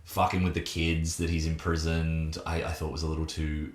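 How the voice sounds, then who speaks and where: A man co-hosting a casual film review chat, animated and digressive, with quick asides and swearing. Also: rumbling low. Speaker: film podcast co-host. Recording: roomy echo.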